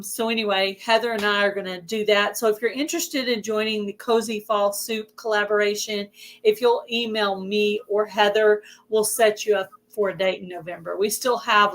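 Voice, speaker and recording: A woman with a Southern US accent hosting a casual livestream chat. Her voice is hoarse, and she chats away and greets viewers by name. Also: mid-range voice, fairly even intonation, moderate pace, a bit bright. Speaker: host of a livestream.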